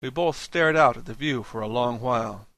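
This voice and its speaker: A man narrating a first-person audiobook in a measured, reflective way. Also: mid-range voice, a bit bright, dry recording.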